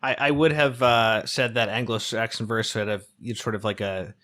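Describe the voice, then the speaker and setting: A man's voice: fairly low pitch, fairly even intonation, normal speed, sharp tone. A man hosting a podcast, musing informally and thinking aloud with his guest. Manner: musing, informal, vocalizes rhythms. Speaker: podcast host. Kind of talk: casual interview chat.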